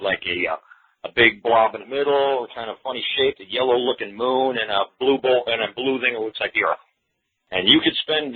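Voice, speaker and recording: A man's voice: medium pitch, slightly rough. A man hosting a radio show, rambling in a folksy way and repeating himself as he explains. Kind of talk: casual talk radio monologue. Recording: tinny phone-line audio.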